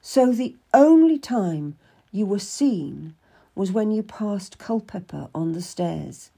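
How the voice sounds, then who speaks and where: A composed noble lady speaks in a measured, commanding way, as a woman reads her part. The voice is dark and mellow, with a gravelly, husky edge. It reads like a storybook character, steady and reassuring. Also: mid-range voice, full character voice. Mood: probing. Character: calm, firm noblewoman giving steady counsel.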